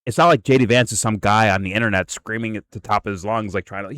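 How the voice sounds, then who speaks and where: A man's voice: fairly low pitch, quick pace, a bit bright, smooth, no echo. A male host giving casual reaction commentary, incredulous and profane, rambling and restarting his sentences.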